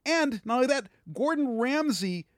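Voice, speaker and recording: A man's voice: extremely high pitch, expressive, normal speed, dry recording, studio quality. A man co-hosting a podcast, arguing his point passionately and raising his voice in a heated debate. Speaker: podcast co-host.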